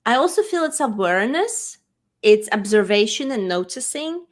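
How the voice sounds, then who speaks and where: A woman's voice: on the high side, big pitch swings, normal speed. A woman hosting an interview podcast, responding enthusiastically and affirming her guest, with frequent fillers. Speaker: podcast host. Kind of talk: interview conversation.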